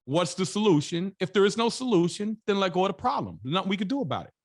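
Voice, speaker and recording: High-voiced emphatic man telling stories. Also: big pitch swings, quick pace. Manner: emphatic, colloquial, repeats for emphasis. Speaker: podcast guest, real estate investor. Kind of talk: storytelling in an interview.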